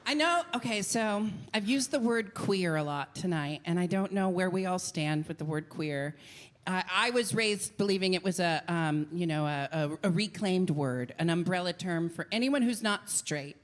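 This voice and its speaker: A middle-aged woman from Portland, Oregon, performing stand-up comedy on a live stage with a handheld mic, talking theatrically and breaking into shouted rants. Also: lowish voice, lively intonation, moderate pace. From Portland, Oregon, USA. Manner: theatrical, swings into loud shouted rants and sung bits. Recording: live stage recording, crowd and noise. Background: audience laughter.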